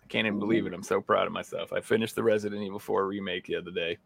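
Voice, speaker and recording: A man with an Australian accent chatting casually on a gaming podcast, acting out his own reactions in sudden high bursts. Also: steady tone, racing, gravelly, fairly bright tone, breathy edge, no echo. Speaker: podcast co-host. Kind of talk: casual chat.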